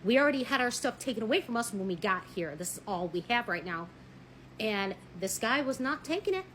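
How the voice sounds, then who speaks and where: A woman telling a personal story in a blunt, animated way, swearing freely and acting out what people said. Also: on the high side, brisk, a little hiss or hum, rough recording. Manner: married. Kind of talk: casual storytelling.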